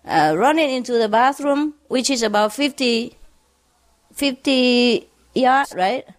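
A woman telling jokes to an audience, laughing through her punchlines and acting out the characters' lines. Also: on the high side. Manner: acts out characters' lines in quoted voices. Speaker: joke teller.

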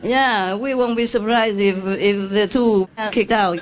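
A woman telling a joke to a crowd in halting English and laughing often. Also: mid-range voice, steady tone. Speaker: speaker telling a joke to an audience. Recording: crowd and noise in room.

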